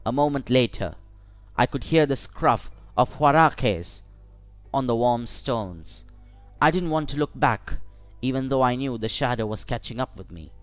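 A man narrating a first-person short story for English learners in a measured, deliberate way. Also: medium pitch, lively intonation, dry recording, soft background music. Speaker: audiobook narrator.

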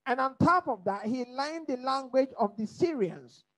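A woman teaching a Bible study in preaching style, lively and humorous, asking the listeners to fill in her words. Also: high voice, moderate pace, low-quality recording. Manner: rhetorical call-and-response questions; lively, humorous, mimics accents.

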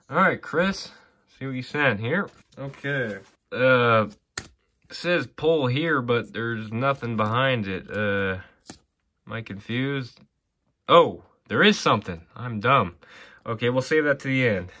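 A man from Canada rambles through his card mail in a loose, chatty way, muttering to himself between finds. His voice has a bright, slightly sharp edge, and it jumps up whenever a pull surprises him. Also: medium pitch, slow pace. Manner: chatty, muttering, easily excited. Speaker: hockey card collector opening mail. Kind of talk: casual commentary while opening cards.

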